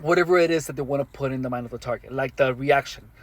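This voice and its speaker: A man speaking alone to the camera in an earnest, matter-of-fact monologue, halting with many restarts and fillers. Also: medium pitch, no echo. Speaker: vlogger. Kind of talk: first-person monologue to camera.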